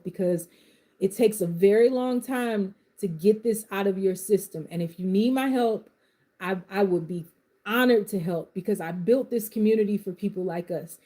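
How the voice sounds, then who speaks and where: A woman giving a live-stream reading and pep talk, swinging between soft comforting reassurance and fired-up passionate outbursts, in casual Southern vernacular. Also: mid-range voice. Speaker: live tarot reader.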